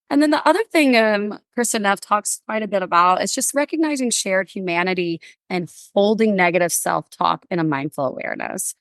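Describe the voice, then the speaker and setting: A woman guest on a podcast, animated and chatty, slipping into playful voices as she retells moments from her life. Her voice sits at an ordinary middle pitch and is recorded close and dry, with no room around it. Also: no echo. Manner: animated storyteller, acts out quotes. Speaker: guest, counselor. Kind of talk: casual conversational interview.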